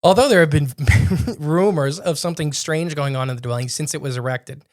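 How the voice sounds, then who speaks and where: A young man in a relaxed podcast setting, narrating a ghost story in a slightly higher-than-average voice. He rambles, restarts sentences and fixes his own slips as he goes. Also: a little fast. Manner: rambling, self-correcting storyteller. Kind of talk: casual storytelling chat.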